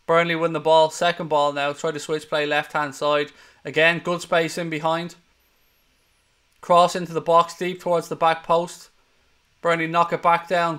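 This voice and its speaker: A man's voice: a little high, fairly bright tone, clean tone. A man hosting live match commentary, calling play-by-play in a heated, sweary way. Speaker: host.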